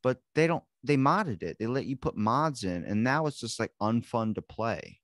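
A man's voice: mid-range voice, very animated, normal speed, a bit bright, no echo, clean studio sound. A man co-hosting a podcast, talking in a rambling, profane way and acting out voices in his stories. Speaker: podcast co-host. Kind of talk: casual chat.

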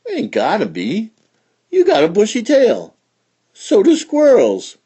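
A man voicing a clever, sassy little country girl who speaks in a drawling, matter-of-fact way, pitched high. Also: huge pitch swings, slow, dark tone, breathy edge, full character voice.

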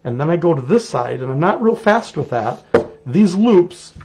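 A middle-aged man with a Wisconsin accent, demonstrating a clay technique in a relaxed, chatty way as he works. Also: on the high side, normal speed, background noise. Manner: relaxed, chatty, explains while working. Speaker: clay artist teaching a technique. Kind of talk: casual live demonstration.

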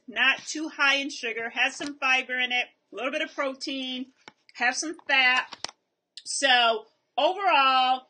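A woman's voice: high voice, sharp tone, a little hiss or hum. A woman hosting a casual video review of a snack, chatting while she tastes and chews on camera. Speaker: vlog host reviewing snacks.

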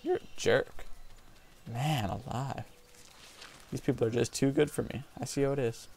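Brief: male let's-play host, gravelly tone, jokey trash talk at in-game creatures. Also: medium pitch, moderate pace, a little mellow, slight background noise. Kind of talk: casual gameplay commentary.

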